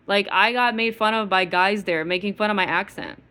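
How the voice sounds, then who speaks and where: A woman's voice: mid-range voice, brisk, hardly any pauses, bright, forceful tone, clear, resonant tone. A woman with an East Coast American accent rants to her viewers in a loose, casual way. Her talk is bitter and full of swearing, with words repeated and filler likes at every turn. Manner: bitter, profane, repetitive ranting with many filler likes. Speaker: vlogger. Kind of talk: casual rant to camera.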